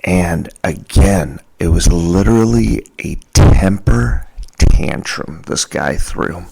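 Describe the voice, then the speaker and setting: Casting: male podcast host, very deep gravelly voice, jokey and animated storyteller. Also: takes it slowly. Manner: animated, jokey, acts out quoted people. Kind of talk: casual storytelling.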